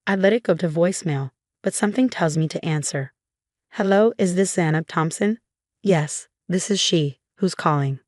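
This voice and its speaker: Woman narrator for a first-person family drama, lower voice, dry close sound, does all the dialogue herself. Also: no room sound. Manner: reads other characters' lines in her own voice.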